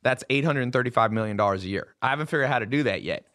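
A man's voice: mid-range voice, very fast, a bit bright. Brash, swearing male podcast host. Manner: brash storytelling, swears freely. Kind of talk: casual chat. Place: studio table with guests.

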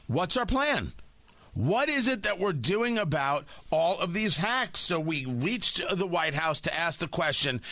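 Sarcastic, animated radio host man. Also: on the high side, moderate pace, no room sound. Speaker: radio talk show host. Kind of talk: talk radio monologue.

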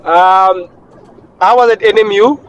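A man's voice: high voice, measured pace, a little hiss or hum. Man caller on a dull line. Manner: upbeat storytelling.

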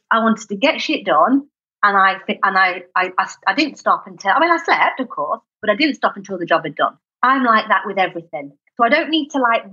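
Lively, bright-voiced northern British woman. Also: medium pitch, husky, muffled recording. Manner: energetic, emphatic, self-deprecating. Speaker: podcast guest. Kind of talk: casual interview chat.

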